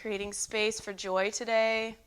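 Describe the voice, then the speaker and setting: A woman yoga instructor calmly cueing breaths and poses in a guided flow at home. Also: mid-range voice, measured pace, slight background noise. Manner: calm, encouraging breath cueing. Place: home, dogs nearby.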